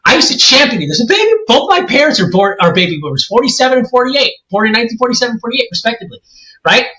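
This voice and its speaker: A worked-up man in his forties launches into an emphatic podcast rant, his voice bright and edged with strain. His pitch swings widely as he pushes each point. The sound carries a noticeable room echo. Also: big pitch swings, quick pace. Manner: heated, ranting, emphatic. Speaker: co-host. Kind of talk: podcast discussion. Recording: roomy echoey room.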